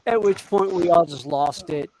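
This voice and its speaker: Animated high-voiced male storyteller. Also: normal speed, background noise. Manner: animated, acts out quotes in his stories. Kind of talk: casual storytelling chat.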